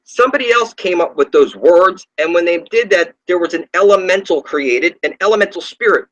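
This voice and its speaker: A man's voice: high voice, lively intonation, brisk, a bit bright, rough recording. A man at home delivering a rambling, profane spiritual rant, scornful and preachy, often trailing off and restarting his sentences. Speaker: online video ranter.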